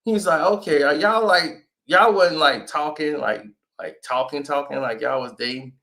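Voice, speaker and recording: A man's voice: on the high side, normal speed, vocal fry. A man in his thirties telling a story in casual chat, acting out the voices of the people in it and laughing often. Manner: animated, acts out quoted voices, laughs often. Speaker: host.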